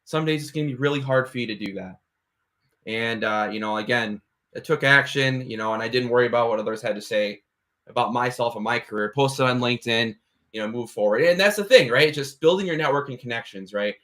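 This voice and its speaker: A man's voice: mid-range voice, brisk, fairly bright tone. A young man speaking on an online panel, earnest and casual, sprinkling his talk with "right?" and "you know". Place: online video call.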